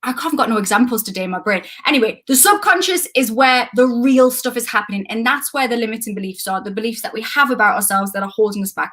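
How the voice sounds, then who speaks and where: A Geordie woman in her thirties talks through a live coaching stream from her home. Her voice sits a little high, and she rambles and wanders off topic in a chatty, self-deprecating manner. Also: expressive, quick pace, few pauses, a bit bright.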